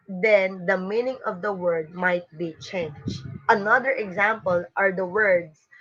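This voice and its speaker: A woman teacher, giving an online webinar lecture in an explanatory way with frequent fillers and restarts. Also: medium pitch. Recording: dull lo-fi webinar audio.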